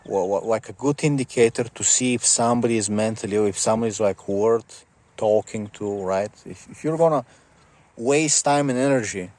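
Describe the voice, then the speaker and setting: A man rants to the camera in a loose, rambling way with a sarcastic, mocking edge. His voice sits at an everyday middle pitch for a man. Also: a little mellow, no room sound. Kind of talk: casual rant to camera.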